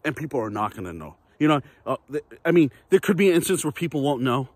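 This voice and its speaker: A man's voice: medium pitch, very animated, quick pace, a little mellow, dry recording. A man ranting casually to camera in a vlog, profane, rambling and repetitive. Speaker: vlogger.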